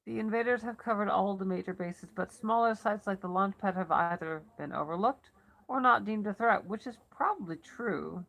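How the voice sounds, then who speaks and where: A woman's voice: mid-range voice, moderate pace, vocal fry, a bit bright, rough recording. A woman reading a first-person novel aloud as elocution practice, with asides and self-corrections. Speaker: reader.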